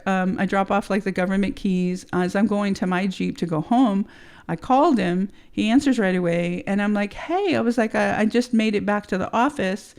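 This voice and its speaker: A woman's voice: mid-range voice, darkish tone. Casual storyteller host, female, swears freely, loose rambling delivery. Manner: rambling, frequent swearing and restarts. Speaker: podcast host.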